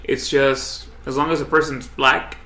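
A man's voice: medium pitch, little pitch movement, a little slow, bright, forceful tone, reverberant. A man co-hosting a podcast, talking in loose, profane banter and saying "dude" a lot. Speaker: podcast co-host.

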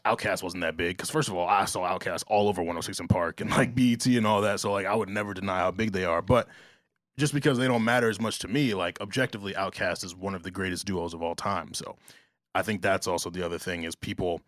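A man's voice: low voice, fast, fairly bright tone, no echo, clean studio sound. A man from New Jersey co-hosting a casual talk show, rambling with lots of "like" and restarts. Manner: conversational, filler-heavy with restarts. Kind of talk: casual chat.

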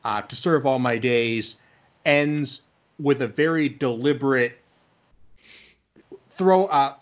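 A man's voice: mid-range voice, slow pace. A man hosting a podcast interview, speaking appreciatively in a conversational way. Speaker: podcast host. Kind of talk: interview chat. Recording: dull lo-fi recording.

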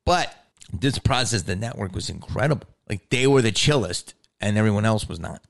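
A man tells a story in casual talk with a low voice that leaps high and drops back down. He swears freely and acts out the people he quotes in lively bursts. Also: moderate pace. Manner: animated and profane, acting out quotes. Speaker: actor and comedian.

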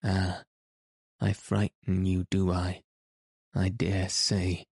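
A tormented, menacing masked phantom, voiced by a man reading an audiobook. The voice is deep and dark, and the delivery is very slow and brooding. It is recorded close and dry. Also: breathy edge, no room sound, full character voice.

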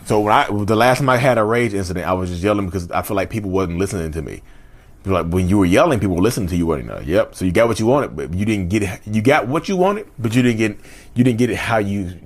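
Repetitive, emphatic male vlogger. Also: medium pitch. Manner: repetitive, emphatic, laughs often. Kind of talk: casual monologue.

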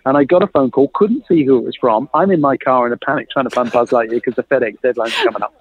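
A man's voice: mid-range voice, fast talker, breathy edge, dry recording. A man telling a long story in a chat, acting out the dialogue he quotes. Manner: lively, acts out quoted dialogue, laughs often. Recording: tinny phone-like line, dry.

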